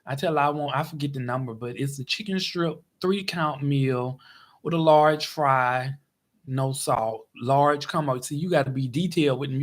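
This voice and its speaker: Man animatedly telling a story. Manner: animated, exasperated retelling with big pitch swings. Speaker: vlogger. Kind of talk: casual storytelling.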